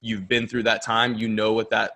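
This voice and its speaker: Young man, lowish voice, earnest casual chat, picks up energy on his points. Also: completely flat delivery, normal speed, pushed and bright. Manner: reflective, earnest, builds energy when making a point. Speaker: co-host baseball pitcher.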